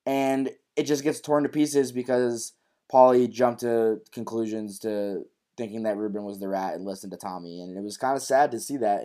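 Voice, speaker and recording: Male podcast co-host, casual recap chat, animated, curses a lot. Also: medium pitch. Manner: animated, swears freely, acts out quotes loudly.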